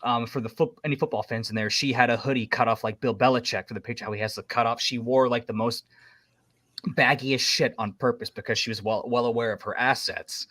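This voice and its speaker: A man, a military veteran, chatting casually on a podcast and telling rambling, animated stories. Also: mid-range voice, brisk, no room sound, clean studio sound.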